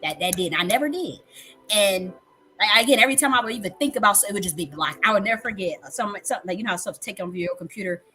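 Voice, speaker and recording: Bright-voiced woman telling a candid story. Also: mid-range voice, animated, quick pace. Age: 30s. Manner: candid storytelling, profane, repeats herself for emphasis. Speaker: livestream host. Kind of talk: casual livestream monologue.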